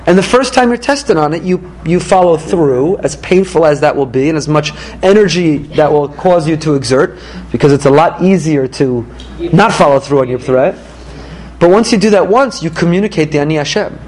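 Animated, emphatic rabbi giving a class. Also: male voice, normal speed, low-quality recording. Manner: animated, emphatic, jumps into high-pitched quoted voices. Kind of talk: Torah lesson to a live audience. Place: room with a small listening audience.

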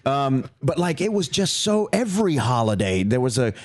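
Lively, crude-joking man on a podcast. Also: medium pitch, moderate pace. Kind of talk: casual storytelling chat.

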